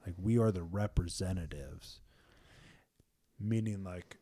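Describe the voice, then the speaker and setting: Lowish casual man talking faith. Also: unhurried, husky. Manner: animated, acts out quotes with sudden whispers.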